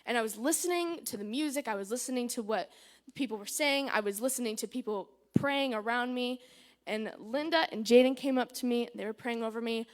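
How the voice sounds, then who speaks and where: A woman with a fairly high pitch talks fairly quickly as she gives a personal church testimony. She's chatty and candid, retelling events with lots of "I was like" and nervous fillers.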